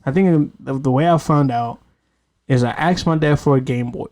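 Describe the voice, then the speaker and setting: A man's voice: medium pitch, moderate pace, darkish tone. A man hosting a podcast, telling stories in a loose, profane, rambling way with many restarts. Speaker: podcast host. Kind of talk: casual storytelling chat.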